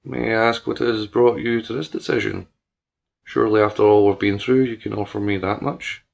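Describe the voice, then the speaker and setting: A man voicing an older male doctor who stays measured and placating while he keeps his composure under strain. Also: on the low side, fairly even intonation, creaky, muffled recording. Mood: pleading.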